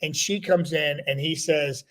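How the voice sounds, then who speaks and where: Man, podcast host, fairly high voice, gushing and chatty. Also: fairly even intonation, unhurried, a bit bright. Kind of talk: casual chat.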